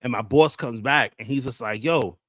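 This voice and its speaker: Brief: New guy, mid pitch, street slang storyteller, dry close mic. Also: fairly quick, a bit bright, no echo. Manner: loose storytelling with crude slang, acts out quotes. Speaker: podcast host. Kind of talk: casual chat.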